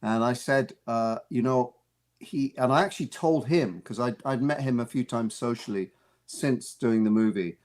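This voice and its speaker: A man's voice: medium pitch, moderate pace, a little mellow. A male actor and author, a guest in an interview, telling amused stories in a rambling way, with many restarts and repeated words. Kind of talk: casual anecdotal storytelling. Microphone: radio studio mic.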